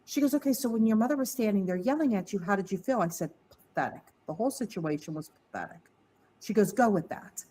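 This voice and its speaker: A woman telling a candid personal story on a podcast, lively and quoting others in her tale. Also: a little high, fast, hardly any pauses, slight background noise, rough recording. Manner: candid, animated, mimics voices in quotes. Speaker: podcast guest. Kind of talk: casual storytelling.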